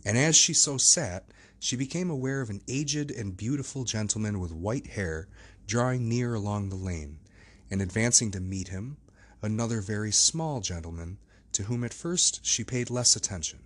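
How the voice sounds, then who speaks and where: A man reading a classic novel aloud as an audiobook narrator, in measured storytelling. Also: fairly low pitch, lively intonation. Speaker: audiobook reader. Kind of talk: scripted narration.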